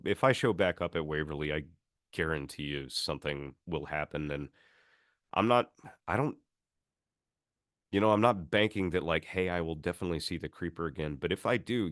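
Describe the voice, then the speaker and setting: Deep-voiced man telling ghost stories. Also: no echo, studio quality. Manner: animated storyteller, acts out quotes. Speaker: podcast guest. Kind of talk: casual chat.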